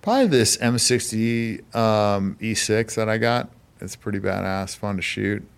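A man in his thirties talks casually as a guest, his voice sitting fairly low. He tells stories in a loose, laid-back way, full of fillers and curse words. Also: measured pace, gravelly, clean tone. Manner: laid-back, profane storytelling. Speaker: podcast guest. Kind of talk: casual chat.

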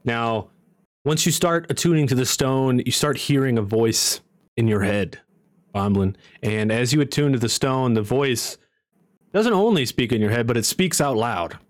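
A man narrating as dungeon master in a tabletop game, low and relaxed. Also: moderate pace, no echo, studio quality.

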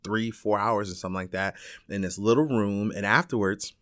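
A man's voice: fairly quick, no room sound, clean studio sound. A man from Chicago, a teacher, telling a personal story in casual talk, full of fillers, restarts and the odd swear word. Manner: rambling and animated, with frequent fillers, restarts and swearing; acts out other people's lines with big jumps in pitch.

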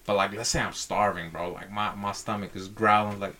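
A man's voice: on the low side, steady tone, fairly quick, pushed and bright. A man as a podcast guest in casual chat, slangy and playfully argumentative, saying bro a lot.

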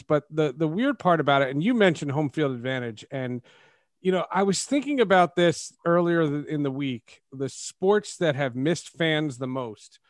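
A man's voice: on the high side, dry recording, clean studio sound. A man co-hosting a sports podcast, rambling and emphatic. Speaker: podcast co-host. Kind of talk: casual sports chat.

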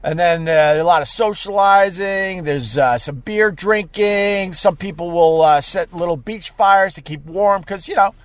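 Brief: high, animated male streamer, dry close sound, rambly storyteller who keeps bursting out loud. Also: a little slow, few pauses, clear, resonant tone, no room sound. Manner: animated, with sudden loud outbursts and many fillers. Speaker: live streamer. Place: parked car.

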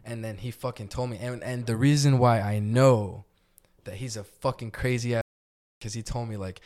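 A man's voice: medium pitch, moderate pace, darkish tone. Rambling, profane young man telling a story. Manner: rambling, profane, heavy filler words. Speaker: podcast co-host. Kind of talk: casual storytelling chat.

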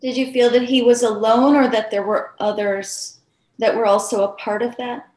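A woman's voice: a little high, steady tone, moderate pace, a little mellow. A woman playing a tabletop game, asking inquisitive questions in casual chat. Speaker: player. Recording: roomy echo.

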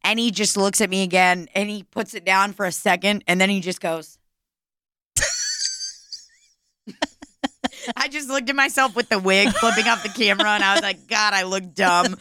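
Young woman, casual storytelling, animated, swearing, bright tone, dry sound. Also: medium pitch, measured pace, pauses often, dry recording. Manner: animated, swearing, laughing through stories.

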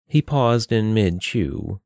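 Steady low-voiced male narrator. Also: gravelly, dry recording, clean studio sound. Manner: steady, measured reading. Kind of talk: fantasy audiobook narration.

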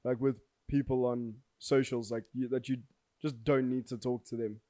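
A man's voice: medium pitch, flat delivery, normal speed, mellow. A young man in his twenties chatting casually as a podcast co-host, laid-back and full of slang like bro and dude. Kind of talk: casual chat.

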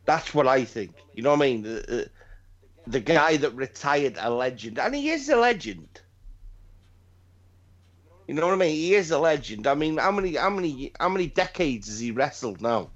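A man's voice: fairly high pitch, very animated, normal speed. Rambling, profane man on a lo-fi podcast. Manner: rambling, profane, repeats himself. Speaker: podcast host. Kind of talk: casual chat. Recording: dull lo-fi recording.

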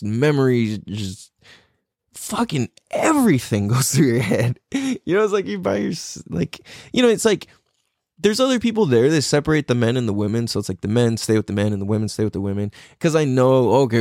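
A man's voice: medium pitch, darkish tone, no echo, studio quality. A man talking in a casual, reflective monologue, loose and profane, full of "like" and "you know".

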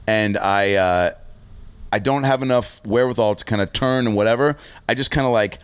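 A man with a fairly low voice tells a rowdy road story in easygoing podcast chat. He swears freely and jumps into loud, high impressions of the people he quotes. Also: normal speed, clear, resonant tone. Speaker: stand-up comedian.

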